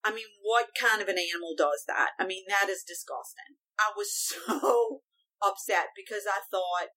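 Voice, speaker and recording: A woman's voice: mid-range voice, moderate pace, sharp tone. A woman co-hosting a podcast who reacts to a book with emphatic, indignant comments. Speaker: podcast co-host. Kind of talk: casual book discussion.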